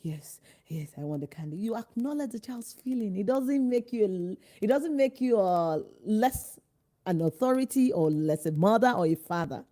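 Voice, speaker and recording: A woman's voice: fairly high pitch, animated, normal speed, warm tone. A woman parenting coach giving emphatic, direct advice with rhetorical questions. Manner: acts out parents' and children's lines in changed voices. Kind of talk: instructional talk to parents.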